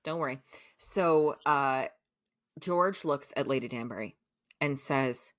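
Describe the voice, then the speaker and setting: Very low-voiced woman recapping a show. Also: slow, no room sound, studio quality. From United States. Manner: chatty, swears freely, heavy use of fillers like "like" and "um". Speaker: podcast co-host. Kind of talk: casual chat recapping a show.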